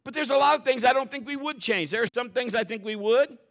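A middle-aged male pastor preaching a sermon, telling family stories in an animated way and acting out the voices of the people in them. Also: extremely high pitch, fast talker. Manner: animated storytelling, acts out quotes and shouts for effect.

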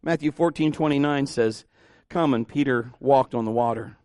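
A man preaching a sermon as pastor, informal and conversational, often rising in pitch and volume as he gets animated. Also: moderate pace, dry recording. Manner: informal and conversational, with restarts and asides.

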